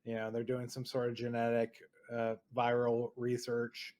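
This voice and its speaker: A man talks casually on a movie podcast, drifting through his points with plenty of fillers. He sounds relaxed and conversational. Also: medium pitch, normal speed. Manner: relaxed, rambling, compares film to video game. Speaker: podcast co-host.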